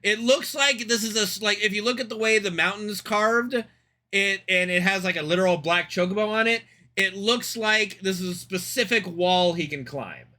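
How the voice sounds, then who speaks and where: Young male streamer, excitable rambler, high and bright tone. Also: moderate pace. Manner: excitable, rambling, swears freely. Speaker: streamer reacting to a game trailer. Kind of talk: casual live-stream commentary.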